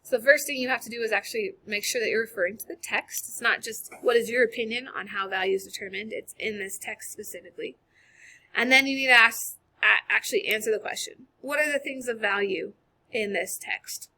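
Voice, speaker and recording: A woman's voice: a little high, brisk, bright, forceful tone. A woman teacher talking casually through a recorded screen-share lesson, upbeat and chatty with frequent fillers. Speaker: high school English teacher.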